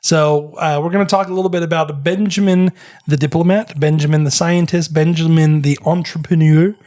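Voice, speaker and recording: A man's voice: fairly high pitch, fairly even intonation, fairly quick, darkish tone. A man hosting a casual history podcast, explaining at length with frequent fillers and restarts. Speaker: podcast host.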